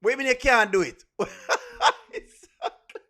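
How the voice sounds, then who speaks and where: A man with a Jamaican accent chats on a live reaction stream in a high-set voice. He teases and pleads with his viewers and breaks into laughter often. His tone is bright and ringing. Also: normal speed. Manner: playful, pleading, laughs often, argues with the chat. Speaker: streamer and show host.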